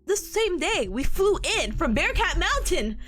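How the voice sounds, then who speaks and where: A woman's voice: very high voice, big pitch swings, measured pace, fairly bright tone. A woman streamer chatting casually and telling stories in a bubbly, giggly way, her voice a little worn from hours of talking. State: voice tired from long talking. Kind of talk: casual chat.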